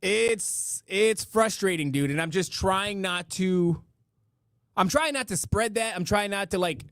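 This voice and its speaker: A middle-aged man hosts a live-stream show in a loose, rambling way, full of restarts and asides. His voice sits a little high for a man. The sound is dry, with no room echo. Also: a little slow, fairly bright tone. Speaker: podcast host reading donations and chat. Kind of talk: casual live-stream chat.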